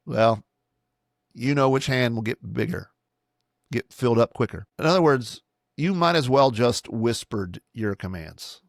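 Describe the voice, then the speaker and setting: Middle-aged pastor guy teaching parents on his podcast, earnest, medium pitch, dry close mic. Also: expressive, a little slow, gravelly, pauses often, dry recording. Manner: earnest, instructive, acts out sample commands to children.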